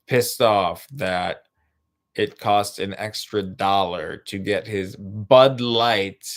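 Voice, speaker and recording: A man telling a rambling, profane stand-up story, full of restarts and asides. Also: sits low. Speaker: stand-up comedian.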